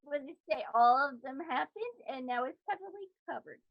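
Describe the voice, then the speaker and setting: A woman at a tabletop game with a somewhat high voice. She bargains and reasons aloud about her turn. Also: expressive, fairly quick, vocal fry, dull audio. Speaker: player. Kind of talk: casual tabletop play.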